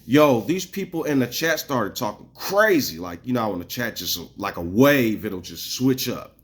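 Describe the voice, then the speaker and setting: A man's voice: medium pitch, very animated, normal speed. A man vlogging an angry, profane rant at his viewers, rambling and restarting his sentences as he goes. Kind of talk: casual ranting monologue to viewers.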